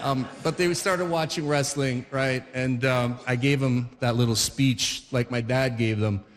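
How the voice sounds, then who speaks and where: A man's voice: medium pitch, fairly even intonation, a little slow, long reverb tail. A man in his forties doing stand-up comedy, rambling and restarting his sentences with chuckles. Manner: rambling, self-interrupting, chuckling.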